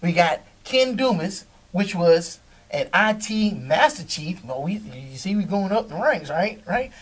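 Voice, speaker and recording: A man's voice: high voice, a little slow, far from the mic. A man hosting his own video show, talking casually and loosely, swearing freely and laughing as he answers critics. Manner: animated, swearing, laughs often, talks back to critics. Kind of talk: casual monologue to camera.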